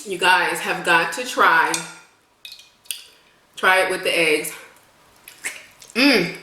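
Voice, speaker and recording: A woman's voice: on the low side, fairly even intonation, slow pace, reverberant, noisy background. A woman in her late twenties chatting to viewers while eating in a casual mukbang vlog, humming as she savors the food. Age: late 20s. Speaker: mukbang vlogger. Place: home, with a plane passing overhead.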